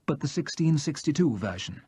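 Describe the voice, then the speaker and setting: A man doing a brisk, insistent older gentleman. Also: on the high side, big pitch swings, slightly rough, no room sound, pitched above the performer's own voice, exaggerated voice.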